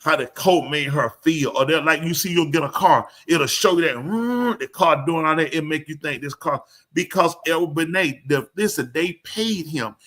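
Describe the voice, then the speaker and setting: A man talks animatedly on a live show, pressing every point hard. His voice is bright and sits a little high. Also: moderate pace, few pauses. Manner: animated, emphatic storyteller. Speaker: show host. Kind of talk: live show casual talk.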